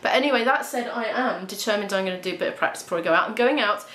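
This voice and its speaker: A woman's voice: medium pitch, very fast, fairly bright tone. A woman vlogging at home, talking to camera in a chatty, rambling, emotional way. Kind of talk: casual vlog chat to camera. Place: at home, indoors. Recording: echoey room.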